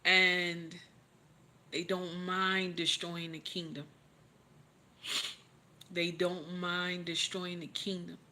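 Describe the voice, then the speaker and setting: A woman's voice: on the low side, level tone, takes it slowly, long pauses, sharp tone. A woman hosting a livestream, tearful, giving emotional motivational talk and repeating her encouragements over and over in a preachy way. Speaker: livestream host.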